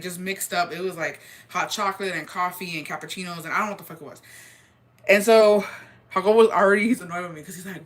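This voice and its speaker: A woman telling a story in a casual storytime chat, animated and quick, swearing freely and slipping into Spanish. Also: medium pitch. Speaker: vlogger.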